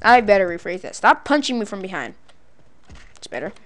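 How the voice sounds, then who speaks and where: A woman giving playful, excitable let's-play commentary, letting out cartoonish battle cries and laughs as she fights. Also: mid-range voice, brisk. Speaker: gaming video creator.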